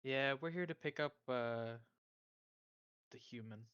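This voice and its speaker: A woman voicing an adventurer who honks like a goose between halting words. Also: a bass voice, a bit bright, clean tone, dry recording, highs cut off. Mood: awkward.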